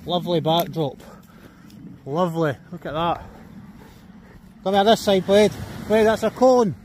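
Scottish guy walking his dog on the beach, high-pitched, swears a lot, talks to the dog. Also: steady tone, unhurried, a little mellow, a little hiss or hum. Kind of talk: casual chat while walking outdoors. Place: outdoors on a beach.

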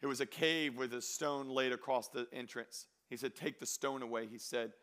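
A male pastor preaching a sermon, who swings between loud exhortation and quiet scripture reading and acts out the voices he quotes. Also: mid-range voice, steady tone, normal speed.

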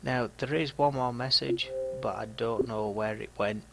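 A man's voice: mid-range voice, moderate pace, creaky, background noise. A man in his thirties with a Yorkshire accent, a gaming vlogger talking to his viewers in a dry, mocking, chatty way. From Yorkshire, England. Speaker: gaming YouTuber. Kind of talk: casual video commentary.

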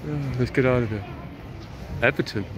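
A man's voice: medium pitch, normal speed, noisy background. A man filming outdoors by a road, arguing bluntly and then talking to himself as he walks. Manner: argumentative, blunt, talks to himself while walking. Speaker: filming auditor. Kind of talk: confrontational street filming.

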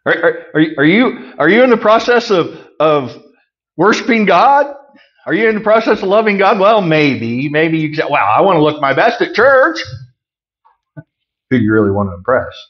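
A middle-aged man preaching a conversational sermon, folksy with joking asides, swinging from loud emphasis to quiet remarks. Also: on the high side, lively intonation, moderate pace, lo-fi sound. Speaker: pastor.

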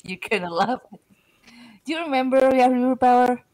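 A hoarse woman who just woke up, co-hosting a casual gaming podcast and giggling often. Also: high voice, brisk, rough recording. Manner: giggly, relaxed. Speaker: podcast co-host.

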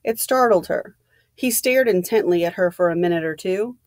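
A woman's voice: fairly low pitch, moderate pace, a little mellow, no room sound. A woman teacher reading a novel aloud for her class at home, with casual instructions in between. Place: room at home.

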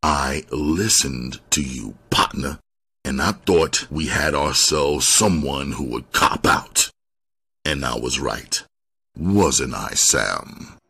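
Man voicing menacing male detective, volatile, husky, very deep, audiobook. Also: animated, takes it slowly, bright, forceful tone, no room sound, full character voice. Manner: low threatening tone bursting into rage.

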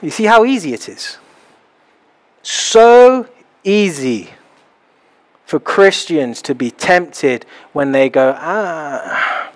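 Young male pastor, lively storytelling preacher, slightly high voice, small house church. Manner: animated, acts out little scenes. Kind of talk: sermon.

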